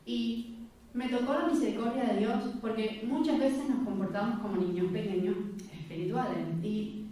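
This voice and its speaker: A woman's voice: fairly high pitch, fairly quick, dark tone. Woman preaching in an echoey church. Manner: storytelling, acting out quoted voices, candid. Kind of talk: personal testimony sermon. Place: church hall. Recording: echoey church hall, mic at a distance.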